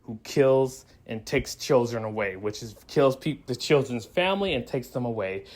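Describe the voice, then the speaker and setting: A man's voice: mid-range voice, animated, moderate pace, darkish tone. A man giving a casual spoiler review of a movie, rambling through the plot with frequent restarts and acting out quoted lines. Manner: laughs and acts out quoted lines.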